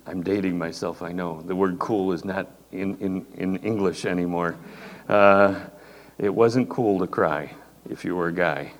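An older man preaches in a slow, unhurried, folksy way, chatting with the congregation as he goes. His voice sits low and rings out in a large hall with a long reverb. Faint room noise lies under it. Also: fairly even intonation. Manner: folksy, conversational. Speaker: pastor. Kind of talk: sermon. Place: church hall.

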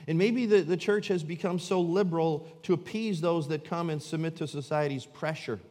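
A man preaching a sermon as pastor, swinging from loud, emphatic lines to low, hushed ones. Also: normal speed, long reverb tail.

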